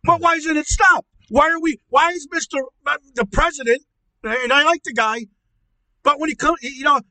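A furious middle-aged uncle rants at the top of his lungs, played by a man in a put-on voice, his tone very high and sharply bright. He stumbles over repeated words and swears constantly, recorded dry and close to the mic. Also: moderate pace, no room sound, full character voice, low-quality recording. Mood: ranting. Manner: yelling, profane, repetitive stammering rant. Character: loud ranting angry middle-aged uncle. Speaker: comedy podcast character.

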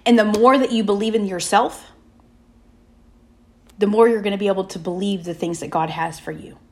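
A woman giving a faith-based motivational talk, speaking in emphatic, repeated affirmations with slow, drawn-out pauses. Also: mid-range voice, steady tone.

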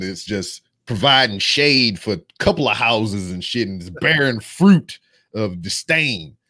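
A man's voice: on the low side, a bit bright. A man in his thirties, a podcast co-host, telling a long, profane story in casual chat.

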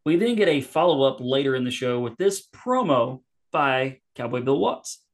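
A man co-hosting a podcast, recapping an old match in a relaxed, amused way. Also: mid-range voice, moderate pace. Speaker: podcast co-host. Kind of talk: casual commentary.

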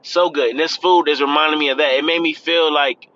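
A man's voice: fairly high pitch, fairly even intonation, brisk, bright, forceful tone, lo-fi sound. A man giving casual, earnest pep talk while driving, repeating himself and calling the listener "man". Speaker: podcast host. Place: in a car, driving.

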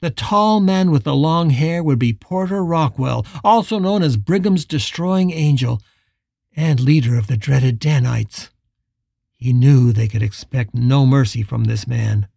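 Gravelly male audiobook narrator. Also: mid-range voice, a little mellow, no room sound, studio quality. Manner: measured, dramatic storytelling. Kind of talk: scripted narration.

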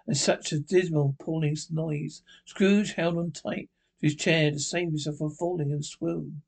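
Male narrator, amateur storybook read, slightly raised pitch, halting delivery. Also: a little mellow. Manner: halting, slips and restarts. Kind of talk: storybook reading.

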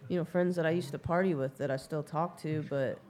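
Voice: medium pitch, steady tone, fairly quick, darkish tone, a little hiss or hum. A speaker in a casual chat who talks in a reflective, candid way about personal growth.

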